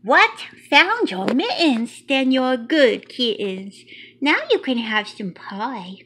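A woman's voice: a little high, sing-song, slow, bright, forceful tone, a little hiss or hum, heavily acted. A woman voicing a stern mother cat who scolds her kittens in a storybook reading.

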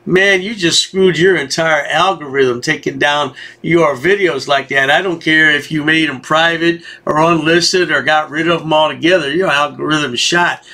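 A man's voice: on the high side, normal speed, hardly any pauses, sharp tone. A man hosting a video commentary, sarcastic and folksy, rambling as he mocks. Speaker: commentary channel host.

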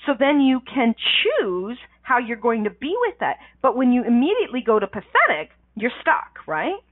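A woman's fairly high voice swings widely in pitch at a normal speed as she hosts an animated call-in radio show as a life coach. Energetic and quick to laugh, she uses slangy, emphatic phrasing, heard dry through a tinny phone line.

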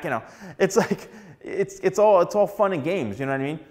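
A man's voice: sits high, expressive, a little fast. A man who works as a hairstylist, giving casual, chatty advice to the camera and acting out little dialogues along the way.

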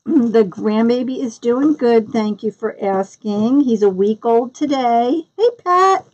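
A woman's voice: on the high side, slow, dark tone, muffled recording. Chatty middle-aged woman crafting host. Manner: chatty, greets viewers by name. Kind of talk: casual live craft tutorial.

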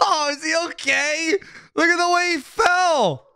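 A man's voice: very high-pitched, fairly even intonation, a little slow, creaky, sharp tone, no echo. A young man streaming, reacting to meme videos for his chat, laughing often and swearing casually.

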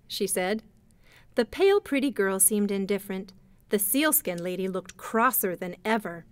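A woman's voice: medium pitch, animated, moderate pace, clear, resonant tone, no room sound. Woman reading a storybook aloud. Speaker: narrator.

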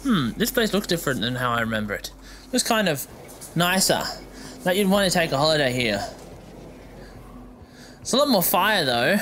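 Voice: mid-range voice, big pitch swings, normal speed, pauses often, fairly bright tone, slight background noise. A gamer giving let's play commentary, joking, swearing freely and talking back at the enemies on screen. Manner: joking, talks to the enemies and the game. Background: game music.

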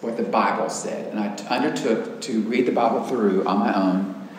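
A man's voice: fairly low pitch, moderate pace. A man with an East Texas accent teaching an adult church class, chatty and self-deprecating, with hesitant fillers. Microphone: distant room mic. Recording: echoey hall, voice far from mic, faint noise.

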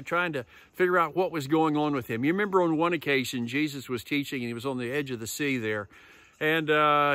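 A male pastor gives a conversational sermon, retelling stories and acting out quoted lines with lively emphasis. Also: fairly high pitch, dry recording.

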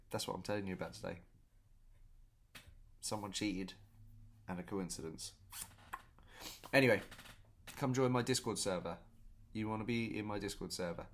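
A man telling a story in a casual vlog, chatty and animated, often repeating himself. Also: lowish voice. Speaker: vlogger.

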